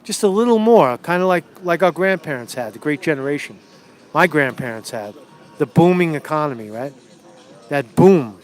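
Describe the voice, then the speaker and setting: A man's voice: a little high, expressive, normal speed. A man giving casual political commentary on a live stream while walking outdoors on a city street, ranting and profane, rambling through many restarts and a little winded. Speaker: political vlogger.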